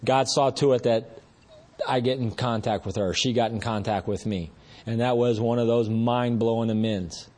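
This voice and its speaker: A man's voice: medium pitch, steady tone, moderate pace, darkish tone. Earnest man sharing a recovery story. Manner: earnest, rambling, conversational with restarts. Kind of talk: personal testimony at a meeting.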